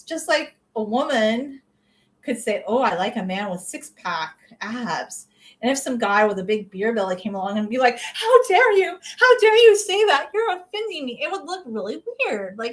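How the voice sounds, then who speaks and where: Young woman, slightly high pitch, casual opinionated vlog chat to camera. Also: a bit bright, low-quality recording. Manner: chatty, opinionated, many "like" fillers. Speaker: vlogger.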